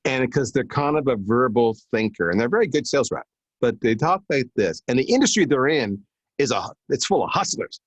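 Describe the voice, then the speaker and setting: A man's voice: mid-range voice, brisk, no room sound. A man chatting as a guest on a webinar, telling a story and acting out what people said. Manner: animated storyteller acting out quotes. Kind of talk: casual webinar conversation.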